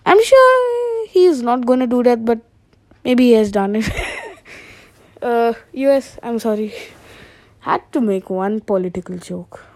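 A young woman from India records a rambling solo monologue as a phone voice memo late at night. Her voice sits fairly high, and the sound is dry and close with no room around it. She jumps from topic to topic and keeps poking fun at herself. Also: unhurried, long pauses, dark tone, no echo. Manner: self-deprecating, chatty, jumps between topics. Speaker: solo podcaster.

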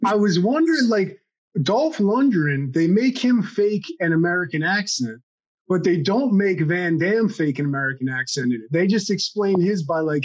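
A man with a high voice gives blunt, enthusiastic, profane takes in casual podcast banter. His mic sounds dull and muffled.

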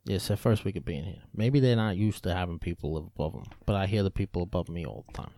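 A man's voice: deep voice, quick pace, dark tone, dry recording, clean studio sound. Laughing, swearing podcast guy. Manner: loose, swearing, laughs often. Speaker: podcast host. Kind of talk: casual chat. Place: apartment podcast room.

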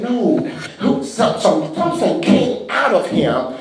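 A young man preaching a fervent sermon, building to shouts, with frequent "uh" fillers. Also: sits high, very animated, slow pace, reverberant, soft background music, rough recording. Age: young adult.

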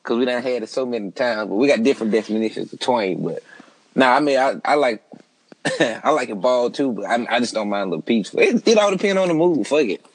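A man's voice: medium pitch, expressive, a little fast, low-quality recording. A man hosting a casual, crude group chat, laid-back and joking, with lots of slang. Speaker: podcast host.

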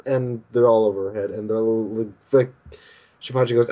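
A man co-hosting a casual podcast, reading out manga scenes and slipping into silly character voices with frequent laughter. His voice sits at an ordinary middle pitch. The audio is dull and lo-fi. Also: normal speed, a little mellow. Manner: laughs often while acting out characters' lines. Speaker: podcast co-host. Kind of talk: casual chat, recapping a manga.

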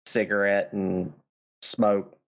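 A man's voice: lowish voice, little pitch movement, slow. A man playing in an online tabletop game over voice chat, stumbling over his words. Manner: stumbling, restarts. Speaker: player. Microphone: voice chat microphone.

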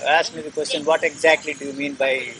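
A man talks insistently, hammering his points and repeating phrases, his voice a little higher than most men's. The recording is noisy throughout, with a steady hiss under the speech. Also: fast talker. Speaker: speaker answering questions. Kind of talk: argumentative conversation.

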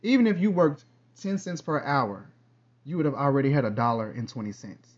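A man hosting his own podcast in a casual, rambling monologue, with lively bursts and quiet trailing asides. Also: mid-range voice, a little fast, lo-fi sound. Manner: chatty, loose, drifts between topics. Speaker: podcast host.

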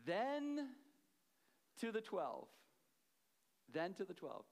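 A man preaches in a chatty storytelling way, stopping to check in with his listeners. He repeats key phrases for emphasis, and his voice sits high for a man. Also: wildly swooping pitch, extremely slow, vocal fry, darkish tone. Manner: conversational storytelling with checks to the audience. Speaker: pastor. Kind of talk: sermon.

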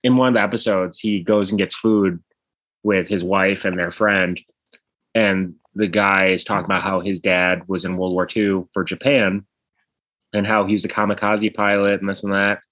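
A man co-hosting a podcast, chatting casually and retelling TV scenes with squeaky put-on voices. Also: little pitch movement, normal speed, a bit bright. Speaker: podcast co-host. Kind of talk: casual chat.

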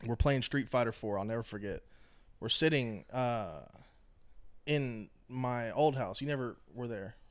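A man's voice: mid-range voice, a little slow. A young man hosting a podcast, telling rambling stories in casual chat, swearing freely and mimicking the people in them. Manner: loose storytelling, swears a lot, mimics people. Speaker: podcast host.

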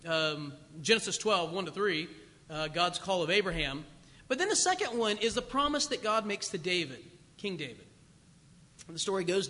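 A man preaching a sermon, telling the story in a conversational, animated way. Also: high-pitched, in a large hall.

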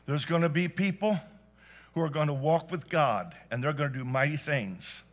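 A man preaching a sermon to a church congregation, telling stories and rising to loud emphatic peaks. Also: fairly high pitch, normal speed. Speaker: pastor. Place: church service.

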